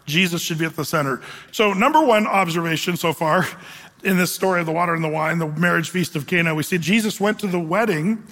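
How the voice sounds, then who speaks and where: A male pastor giving a sermon, preaching in an animated, conversational way with humor. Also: fairly high pitch, fairly quick. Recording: long hall reverb.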